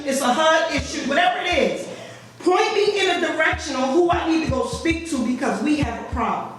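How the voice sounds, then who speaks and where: A woman's voice: high-pitched, fairly bright tone. An older woman, a housing resident, speaking at a board meeting's public comment, emotional and pleading, repeating herself for emphasis. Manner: impassioned, pleading, repetitive. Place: meeting room. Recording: very echoey room, distant, faint noise.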